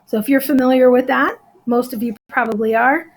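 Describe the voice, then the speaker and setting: A woman's voice: high-pitched, fairly even intonation, fairly quick. A woman teacher giving a recorded lesson, explaining step by step and counting out syllables.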